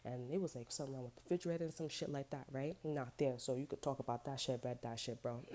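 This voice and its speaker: A woman with a deep, low voice tells a storytime rant to her viewers. Her tone is dark and mellow. She rambles loosely, swearing and dropping street slang as she goes. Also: fast. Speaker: vlogger.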